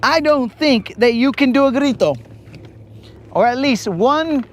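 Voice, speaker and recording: A man chatting casually on a live fishing stream, telling stories in an animated way, calling everyone bro and breaking into whooping yells. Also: extremely high pitch, unhurried. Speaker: fishing livestreamer.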